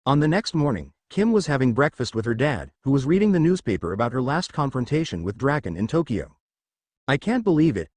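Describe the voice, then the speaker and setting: A man reading a fan fiction story aloud and voicing its characters in his own voice, with a halting delivery. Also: mid-range voice, very animated, a little mellow, no room sound. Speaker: narrator.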